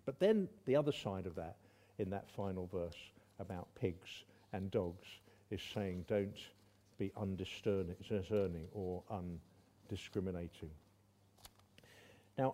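A man preaching a sermon, emphatic and animated, with frequent ums and restarts. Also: medium pitch.

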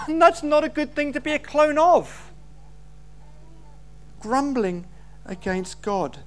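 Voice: high voice, lively intonation, takes it slowly. Preacher giving a sermon, keeps throwing out rhetorical questions, emphatic delivery.

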